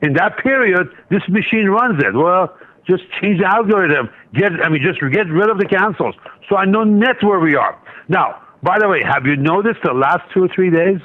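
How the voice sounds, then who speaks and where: A man's voice comes through a dull, lo-fi line, set a little high and swinging widely as he talks. He rambles through a trading story, restarting sentences and adding asides. It sounds like an unscripted guest spot on a radio show. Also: lively intonation, normal speed. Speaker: guest market analyst and trader. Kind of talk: casual radio interview storytelling.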